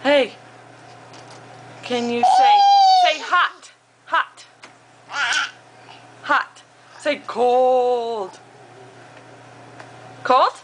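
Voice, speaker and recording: High, lively mother coaxing toddlers. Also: very slow, long pauses, noisy background. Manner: coaxing, sing-song baby talk. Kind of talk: home video chat with toddlers.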